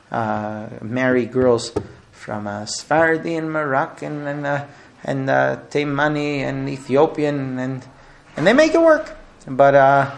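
A man giving a lecture on marriage advice, telling stories in an animated way with many fillers and restarts. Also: mid-range voice. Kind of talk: lecture with anecdotes.

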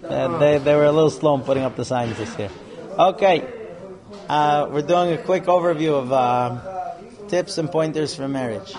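His pitch is fairly high and his pace normal as he lectures a live class about marriage, frank and lively, slipping into put-on voices to play out what couples say. A crowd can be heard throughout the live room.

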